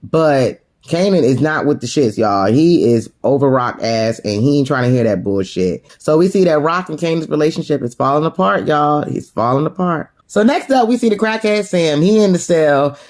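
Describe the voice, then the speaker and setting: A woman vlogger recaps a TV episode in a casual, slangy voice. She talks to her viewers in an animated, gossipy way, full of asides. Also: low-pitched, moderate pace, few pauses.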